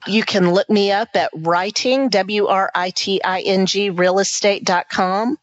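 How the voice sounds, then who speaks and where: A woman's voice: mid-range voice, steady tone, a little slow, no echo, lo-fi sound. A woman who is a guest on a podcast, speaking in an enthusiastic, upbeat chat. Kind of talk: casual chat.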